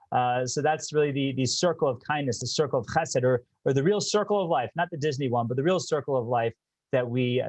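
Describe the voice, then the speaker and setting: A man hosting an online talk, telling a family story in a halting way with many restarts. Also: on the high side, a little mellow, dry recording. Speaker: host.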